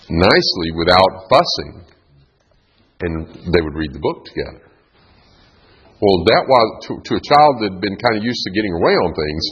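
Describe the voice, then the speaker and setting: An older man preaches in a low, husky voice that swings widely as he tells a homely story. His folksy delivery leaps upward whenever he leans on a word. The recording is dull and lo-fi. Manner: folksy, animated, pitch jumps up on emphasis. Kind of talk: sermon storytelling.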